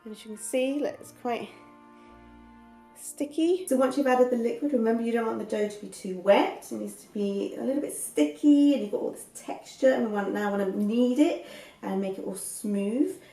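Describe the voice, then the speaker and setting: A woman with a slightly high voice hosts a homemade cooking lesson. She explains each step in a chatty, reassuring manner. Faint music plays behind her. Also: fairly quick, warm tone. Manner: encouraging, chatty, gets out of breath while kneading. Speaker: cooking show host. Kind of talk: home cooking demonstration.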